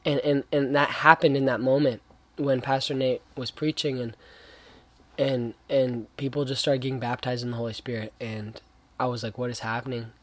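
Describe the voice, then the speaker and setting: A man's voice: mid-range voice, fairly even intonation, normal speed, dry recording. Young man, earnest casual preacher type, rambling, slangy, dry close sound. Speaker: young Christian speaker. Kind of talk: casual faith talk.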